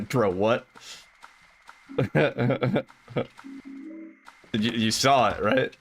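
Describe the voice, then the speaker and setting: A man's voice: mid-range voice, drawn-out words, faint music behind. A man streaming a game, chatting casually and swearing freely with lots of filler words. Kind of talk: casual chat while gaming.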